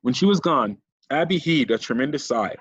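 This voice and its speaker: A man reading a children's novel aloud as an audiobook narrator, in steady storytelling. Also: mid-range voice, moderate pace, husky, dry recording. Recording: dull lo-fi recording.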